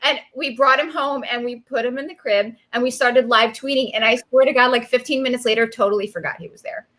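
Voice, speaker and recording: A woman in her thirties, a guest in a casual video chat, telling stories in an animated way with lots of fillers and laughs. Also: fairly high pitch, fast.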